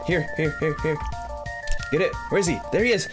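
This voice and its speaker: A man giving excitable, jokey let's-play commentary as a gaming YouTuber, talking to the game characters as he plays. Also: fairly high pitch, measured pace, over music.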